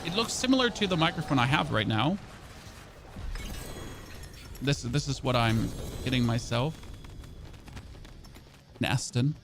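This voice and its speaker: A man's voice: mid-range voice, expressive, unhurried, gravelly, long pauses, fairly bright tone, a little hiss or hum. Chatty German-native man streaming. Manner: rambling, chatty, self-mocking, with restarts. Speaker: game streamer. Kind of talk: casual chat with live chat.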